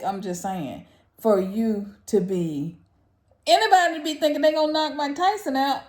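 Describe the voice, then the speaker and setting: A woman's voice: high voice, normal speed, darkish tone. A woman giving casual, exclamatory commentary to camera, often breaking into laughter between phrases. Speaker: vlogger. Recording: echoey room.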